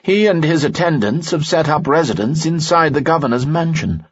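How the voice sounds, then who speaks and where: A man's voice: on the high side, animated, normal speed, husky, dull audio, voice pushed up. A man voicing Lanson, a wry middle-aged informant.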